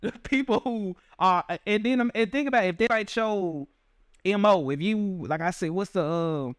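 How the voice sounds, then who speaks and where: A man's voice: high voice, normal speed, no echo, studio quality. A man, co-hosting a podcast in casual, profane chat and laughing between thoughts. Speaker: podcast co-host.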